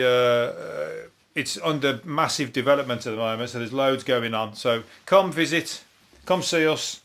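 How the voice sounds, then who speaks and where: A man from Birmingham with a broad Brummie accent, riffing alone on odd news items for his comedy podcast. He rambles, swears a lot and chuckles at his own lines, his voice sitting at an ordinary middle pitch. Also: a bit bright. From Birmingham, England. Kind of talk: solo comedic news review.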